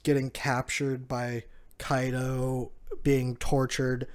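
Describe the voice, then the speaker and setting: A man's voice: medium pitch, completely flat delivery, slow pace, clean tone. Chatty man recapping a comic chapter. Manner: chatty, frequent fillers and restarts, amused. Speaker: manga chapter reviewer. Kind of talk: casual recap commentary.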